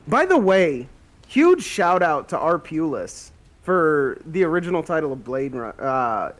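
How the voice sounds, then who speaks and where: A man playing a tabletop game, chatting casually with animated, quick asides. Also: fairly high pitch. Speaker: player.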